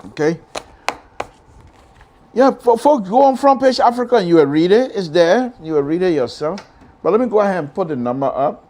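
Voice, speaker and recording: A man's voice: high voice, lively intonation, normal speed, pauses often, dark tone, slight background noise. A man with a Liberian English accent hosting a radio call-in show, talking emphatically and often repeating himself. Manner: emphatic, repetitive, exclamatory. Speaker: radio talk show host. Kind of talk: political call-in radio commentary.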